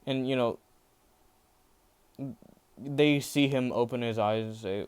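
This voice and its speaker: Smooth-voiced man rambling through a story. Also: mid-range voice, slow pace, pauses often. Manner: rambling, many fillers and restarts. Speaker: fan fiction storyteller. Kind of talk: casual unscripted story narration.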